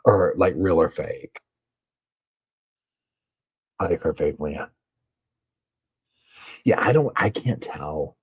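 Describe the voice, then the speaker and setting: Southern guy on a live stream, deep husky voice, chatty, reads out viewer comments. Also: animated, takes it slowly, long pauses. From American South. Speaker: live chat host. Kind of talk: casual live chat. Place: home, on a sofa.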